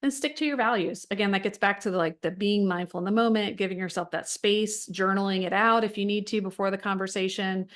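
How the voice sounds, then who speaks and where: A woman's voice: medium pitch, brisk, hardly any pauses, fairly bright tone. A middle-aged woman leading a wellness support group, talking casually and frankly with many fillers and restarts. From United States.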